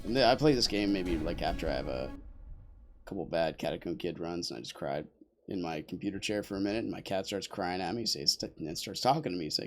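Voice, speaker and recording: Young guy streaming, low gravelly voice, rambly jokey chatter, swings up and down a lot. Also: expressive, brisk. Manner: rambling, jokey, talks to chat and teammates. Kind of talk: casual gameplay commentary.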